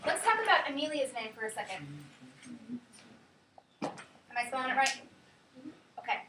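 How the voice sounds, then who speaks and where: A woman's voice: sits high, wildly swooping pitch, normal speed, background noise. A woman teaching a class, sometimes calling words out in a sing-song way to show syllable stress. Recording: echoey classroom, mic far off.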